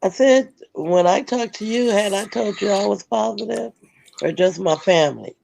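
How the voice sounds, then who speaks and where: A woman's voice, hoarse and full of gravel and fry, at a middle pitch. She talks in a relaxed, drawling way, casually chatting as a guest on a live stream. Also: moderate pace. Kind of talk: casual chat.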